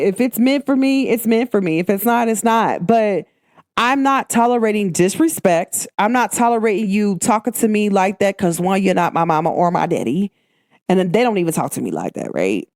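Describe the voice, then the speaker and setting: A woman with a medium-pitched, darkish voice hosts a podcast, recorded clean in a studio with no echo. In a casual talk she gives emphatic, preachy spiritual advice, calling her listeners "baby."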